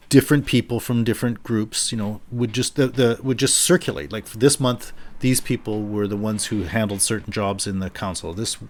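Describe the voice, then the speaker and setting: A male philosophy lecturer giving an unscripted university lecture, thinking aloud and paraphrasing a text in a lively quoting voice. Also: on the low side. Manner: thinking aloud, with frequent restarts and fillers.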